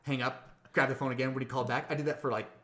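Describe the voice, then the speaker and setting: Brief: male podcast co-host, rapid storyteller, rambling and repetitive, acts out the quotes. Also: medium pitch, level tone, fairly bright tone, reverberant. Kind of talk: casual storytelling chat.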